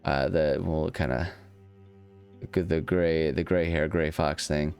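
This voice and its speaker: A very low-voiced man talks casually through a video game, rambling and restarting as he thinks aloud. He is self-deprecating about his own choices, and faint guitar music plays underneath. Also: steady tone, slow pace, vocal fry, a little mellow, clear, resonant tone. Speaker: let's-play host. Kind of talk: casual gameplay commentary.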